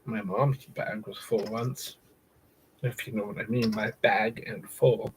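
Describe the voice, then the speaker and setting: A man's voice: fairly low pitch, steady tone, a little slow, slight background noise, rough recording. A man hosting a casual livestream, chatting with viewers and repeating words over and over for crude, silly jokes. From United States. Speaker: livestream host.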